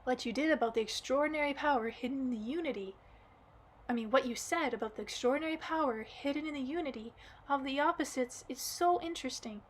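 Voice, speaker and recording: A woman reading an audiobook, voicing a curious little girl who asks quick, eager questions. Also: sits high, slight background noise, close to an everyday voice.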